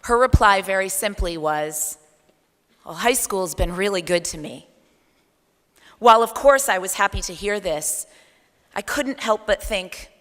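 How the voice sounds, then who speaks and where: Slow-speaking woman in a reverberant hall. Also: medium pitch, fairly bright tone. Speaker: school staff introducing a speaker. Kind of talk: formal introduction speech. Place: large hall. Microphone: podium microphone.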